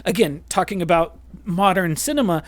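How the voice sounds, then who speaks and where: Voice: mid-range voice, normal speed, no room sound. A podcast co-host in a casual film chat, talking animatedly with many restarts and fillers.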